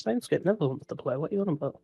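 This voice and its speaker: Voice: mid-range voice, lively intonation, vocal fry, dark tone, husky, dry recording. A tabletop game player with a mid-range voice throws out teasing one-liners during casual table banter. The sound is dry and close, with faint music behind. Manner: teasing, quick with wisecracks.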